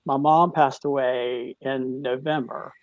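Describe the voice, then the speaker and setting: A middle-aged man, a teacher, tells his cancer story in an interview, halting and restarting, choked up at times. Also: medium pitch, steady tone, no echo, muffled recording. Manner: halting, with many restarts, tearful at moments. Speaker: guest, cancer survivor. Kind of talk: emotional personal story in a talk-show interview.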